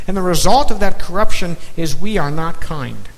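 A man preaching a sermon in slow, emphatic phrases, dropping to a near-whisper on key words. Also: high voice, lively intonation, creaky. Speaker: pastor. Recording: long reverb of a large hall, faint noise.

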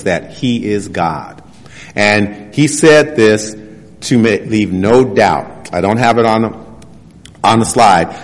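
A man preaching a sermon. He reads scripture passages slowly and presses his points with rhetorical questions. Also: lowish voice. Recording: long hall reverb.

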